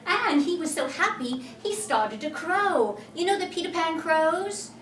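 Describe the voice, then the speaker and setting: A woman giving a one-woman storytelling performance in character, playful and animated, speaking straight to her listeners, recorded from a distance in a roomy hall. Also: extremely high pitch, unhurried, a little hiss or hum.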